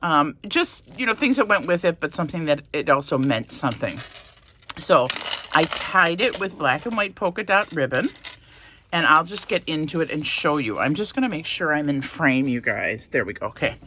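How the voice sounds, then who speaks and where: A woman vlogger casually showing a handmade journal, soft-spoken and a little emotional, rambling with fillers. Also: deep voice, expressive, moderate pace, slight background noise. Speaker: crafting vlogger. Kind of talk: casual show-and-tell.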